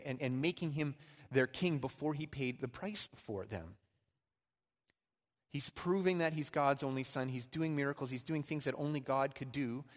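Male pastor preaching with emphatic rises and quiet drops; medium pitch; echoing hall sound. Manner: emphatic preaching, swings between loud and soft. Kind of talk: sermon. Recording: long hall reverb.

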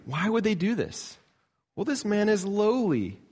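A man, a pastor from Canada, preaching a sermon in an earnest style, rising to emphatic peaks and dropping low. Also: sing-song, a little slow, darkish tone, breathy edge.

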